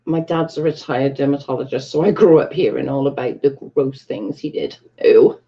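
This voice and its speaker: Broadcasting from her bedroom, a British livestream host talks a little fast in an extremely low-pitched voice over lo-fi audio. She keeps it casual, swearing freely as she chats and reads viewers' comments aloud.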